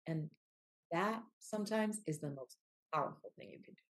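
In a candid interview, a middle-aged author speaking as a guest talks with heartfelt earnestness, dropping in quoted asides. Her voice is on the low side, at normal speed.

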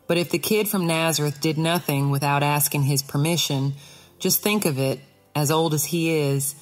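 A woman doing a sly, honey-sweet male snake. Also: low-pitched. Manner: sweet, coaxing, sing-song. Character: sly, honey-voiced male death adder. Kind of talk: audiobook character voice.

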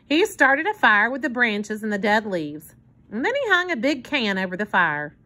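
A woman reading a children's book aloud in an expressive storytelling manner. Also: on the high side, moderate pace. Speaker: narrator.

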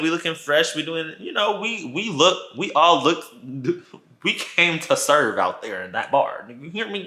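A man's voice: a little high, pushed and bright. A man telling a casual storytime to his channel, playful and dramatic, acting out the people he quotes, in an echoey room. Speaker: vlogger.

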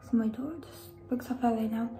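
A woman's voice: on the high side, fairly even intonation, fast talker, creaky, dark tone, rough recording. A young woman chatting casually in a vlog, rambling and often dropping into a whisper. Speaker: vlogger. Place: at home and outdoors. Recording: background noise.

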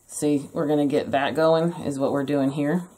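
A woman's voice: low-pitched, fairly even intonation, moderate pace, warm tone. A woman hosting a casual craft tutorial from her home craft room, chatty with jokey asides. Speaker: craft video host.

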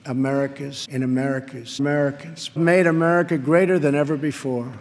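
A man's voice: mid-range voice, fairly even intonation, brisk. Emphatic man in a remixed speech. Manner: emphatic, repetitive declarations. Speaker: political speaker. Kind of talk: spliced speech clips over a beat. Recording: reverberant hall with music underneath.

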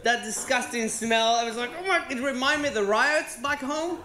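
A man from Venezuela with a Venezuelan Spanish accent, Spanish-speaking by birth, doing animated, profane stand-up comedy on stage. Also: very high voice, normal speed, very noisy. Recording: roomy theatre with audience laughter.

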